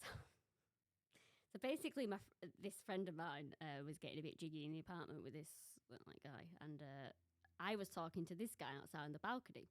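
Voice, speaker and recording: A woman's voice: low-pitched, lively intonation, brisk, no echo, studio quality. A young woman from England, a guest on a podcast, telling a rambling story in casual chat and laughing often.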